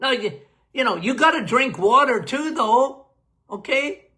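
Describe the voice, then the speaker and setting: A man's voice: extremely high pitch, expressive, a little slow, pushed and bright. A man, a doctor, answering health questions in a casual live Q&A, emphatic and folksy, often laughing.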